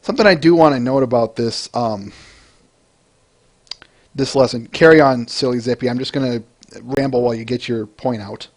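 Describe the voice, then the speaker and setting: A man in the middle pitch range hosts a casual review podcast. He rambles and restarts often, and stops to answer listeners by name between his points. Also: moderate pace, long pauses. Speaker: podcast host.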